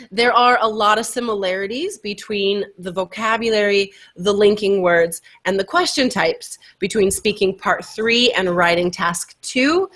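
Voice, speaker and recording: A woman's voice: medium pitch, fairly bright tone. An upbeat young woman explains exam strategies in a casual webinar. She chats along and laughs easily, with a voice that sits right in the middle of a woman's range. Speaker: IELTS teacher.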